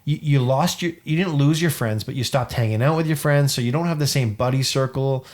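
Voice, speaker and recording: A Canadian man in his late thirties, a dad and podcast co-host, tells a personal family story earnestly and from the heart during casual chat, acting out quoted dialogue from his family. His voice is mid-range, fairly quick, and darkish in tone.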